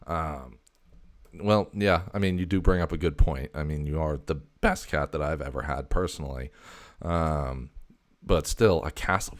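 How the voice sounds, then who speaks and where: A man's voice: low voice, normal speed. A man hosting a comedic casual chat, stammering, cursing and sounding exasperated. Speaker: video host.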